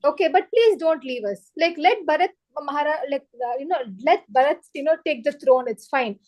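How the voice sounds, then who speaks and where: Lady doing a grieving queen mom, begging, pretty high voice. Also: expressive, normal speed, darkish tone. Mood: pleading. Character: grieving queen mother begging her son.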